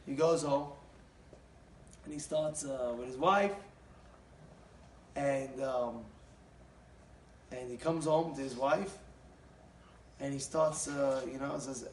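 A man giving a lively storytelling talk, acting out every part of the story. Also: mid-range voice, slow pace, pauses often, slight background noise. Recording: roomy, distant mic, faint ambience.

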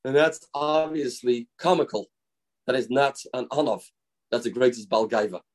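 A man's voice: medium pitch, moderate pace. A man giving a daily Torah lesson as a rabbi, explaining through stories and acted-out quotes. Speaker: rabbi teaching a daily class.

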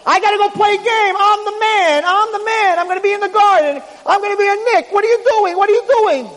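A man voicing a stubborn, frantic young male ballplayer who shouts and protests. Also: very high-pitched, fast talker, in a large hall, voice pushed up.

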